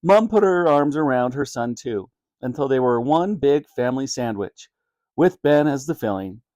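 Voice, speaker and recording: A man reading a children's book aloud as a storyteller, animated and expressive. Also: medium pitch, normal speed, no room sound.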